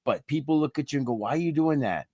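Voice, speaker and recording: A man's voice: a little high, expressive, fast, dark tone, no echo, clean studio sound. A male podcast co-host chatting emphatically, telling a story with quoted back-and-forth dialogue. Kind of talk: casual podcast chat.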